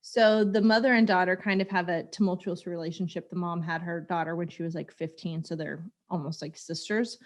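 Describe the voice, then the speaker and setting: A woman in her thirties co-hosting a podcast, chatting casually and telling stories in an animated way, laughing often. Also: fairly low pitch, brisk, hardly any pauses. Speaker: podcast co-host. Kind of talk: casual chat.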